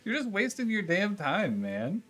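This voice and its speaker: With soft music in the background, a man speaks at a measured pace, his high voice swooping wildly in pitch and fairly bright in tone. He streams a game and rants at his chat, profane, argumentative and exasperated, in casual talk with viewers.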